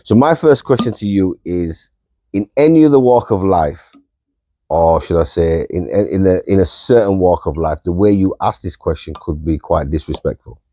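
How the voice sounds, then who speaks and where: A man hosting a casual podcast in a relaxed, easygoing way. His voice is low and mellow, and he sounds close and dry. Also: normal speed, dry recording. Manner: easygoing, friendly, chuckles between questions. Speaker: podcast host.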